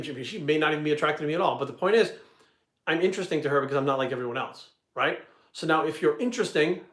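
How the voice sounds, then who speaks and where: A blunt man in middle age rattles off swear-laden advice at a fast clip. His voice sits a little high, and the room around him echoes noticeably. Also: fairly bright tone. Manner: blunt, swears constantly, repeats points. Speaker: fitness channel host answering viewer questions. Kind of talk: profane casual advice talk.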